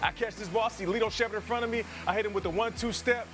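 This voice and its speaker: A man in his thirties, a former pro football player co-hosting a sports show, telling a story in a lively way and acting out other people's lines. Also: rapid-fire, over music. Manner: lively storyteller, acts out quotes in a higher heckler voice. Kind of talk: animated storytelling chat.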